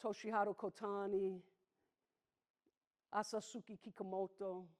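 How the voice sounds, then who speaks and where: A woman's voice: mid-range voice, flat delivery, a little mellow. Sixty-something woman telling a story. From the Bronx, New York. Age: 60s. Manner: intimate, emphatic, slows down on heavy moments. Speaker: solo performer. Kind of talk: theatrical storytelling monologue. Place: theatre stage.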